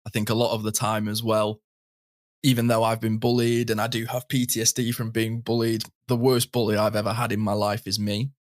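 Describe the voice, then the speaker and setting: A man, co-hosting a podcast, speaking in a calm, reflective way. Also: on the low side, a little fast, dry recording, studio quality. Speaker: podcast co-host. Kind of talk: casual podcast conversation and outro.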